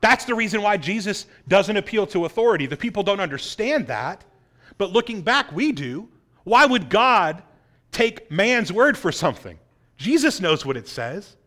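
A man with a notably high voice preaches a sermon through a passage. He leans hard on key points and keeps asking his listeners rhetorical questions. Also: sing-song, normal speed, bright, forceful tone. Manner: emphatic, asks rhetorical questions, acts out quotes. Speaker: pastor. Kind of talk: expository sermon.

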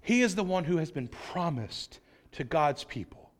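A male pastor preaching a sermon, acting out quoted voices and swinging from loud outbursts to hushed lines. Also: sits high, big pitch swings, measured pace.

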